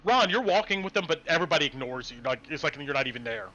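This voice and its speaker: Game master guy, high-ish bright voice, super animated storytelling. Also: rapid-fire, muffled recording. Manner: animated, descriptive narration. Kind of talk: narrating a tabletop game.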